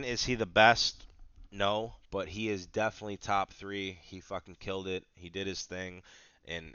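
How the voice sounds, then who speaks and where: A man hosting a casual podcast chat, swearing often and getting excitable. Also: sits low, smooth, dry recording, dull audio. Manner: profane, excitable, hyped. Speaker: podcast host.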